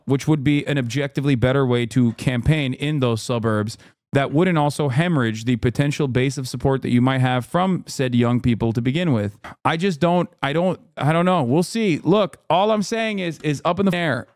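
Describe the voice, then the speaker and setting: Animated exasperated man ranting, dry close mic. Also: mid-range voice, normal speed, no room sound. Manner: animated, exasperated ranting with sarcastic mock voices. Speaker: political streamer. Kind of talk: live-stream political commentary, reacting to chat.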